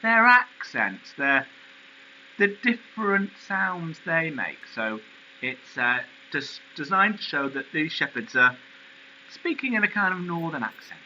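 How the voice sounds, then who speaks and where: A male teacher explaining a poem in a recorded lesson, animated and questioning. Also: fairly high pitch, unhurried, dull audio, a little hiss or hum.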